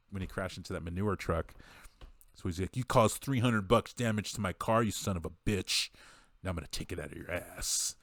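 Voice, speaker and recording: A man's voice: low-pitched, no echo, clean studio sound. A man on a podcast mic, casually recapping a movie in a rambling way, laughing and acting out the quotes. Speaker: podcast co-host.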